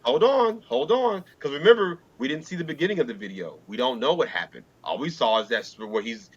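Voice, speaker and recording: Rapid, animated man cutting in. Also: mid-range voice. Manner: rapid, animated, cuts in and plays devil's advocate. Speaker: podcast co-host. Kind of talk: casual debate chat. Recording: dull lo-fi recording.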